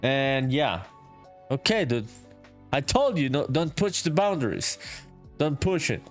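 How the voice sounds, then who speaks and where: A man's voice: medium pitch, very animated, unhurried, soft background music. A man live-streaming his game development, chatting casually with viewers, reading their messages aloud, laughing often, swearing and saying "dude" a lot. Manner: reads chat messages aloud.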